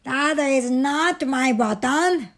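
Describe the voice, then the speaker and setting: A woman's voice: high voice, a bit bright, voice pushed up, heavily acted. A woman reading a storybook, voicing a fussy, grumpy male toad who complains and gets angry. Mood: fretful. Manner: complaining, quick to anger.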